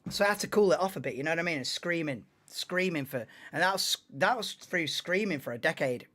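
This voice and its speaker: Man, late twenties, livestream host, rambling and excitable, a bit high-pitched. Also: a little fast. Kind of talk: casual live race watchalong chat.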